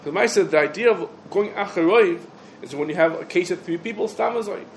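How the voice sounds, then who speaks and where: High-voiced man giving a Torah lesson. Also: poor audio. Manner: quick, animated, quotes back and forth. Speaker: rabbi teaching halacha. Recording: faint background noise.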